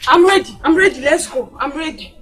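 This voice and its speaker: An excited young wife, eager and repeating herself as she hurries. Her voice is very high and bright over faint music. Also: a little fast. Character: excited, flustered young wife hurrying to leave.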